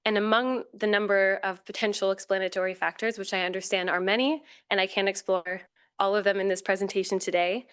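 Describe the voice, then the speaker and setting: Woman, conference panel speaker, formal academic presentation, clear resonant voice, middle pitch. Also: fairly even intonation, fairly bright tone. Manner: formal, measured, with occasional fillers and self-corrections.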